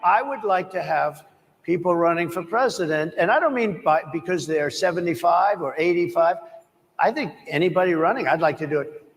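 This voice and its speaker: A man with a somewhat high voice fires back at panel questions, repeating himself for emphasis. His voice rings out with a long reverb from a large hall. The talk is blunt and combative. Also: vocal fry. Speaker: interviewee at a press panel.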